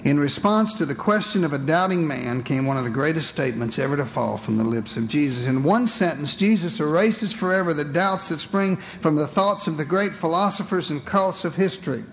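A man's voice: a little high, expressive, fairly quick, few pauses, a little hiss or hum. A man preaching a sermon to a congregation, with dramatic rhetorical questions, calling his listeners beloved.

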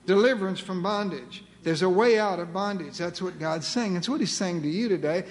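A man preaching a sermon as pastor, earnest and emphatic, slowing down and repeating key phrases. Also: high voice, long reverb tail.

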